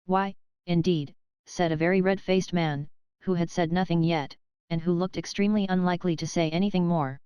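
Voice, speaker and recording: Female audiobook narrator, measured storyteller; crisp, dry studio voice. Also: on the low side, no room sound, dull audio. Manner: measured, even storytelling read. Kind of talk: scripted narration of a classic novel.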